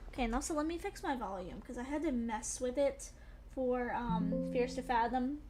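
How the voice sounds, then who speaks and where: A woman's voice: on the high side, normal speed, dark tone, faint music behind. A young woman streaming games, chatting casually and rambling, still shaken and breathless after a scary game. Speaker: gaming streamer. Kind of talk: casual live-stream chat.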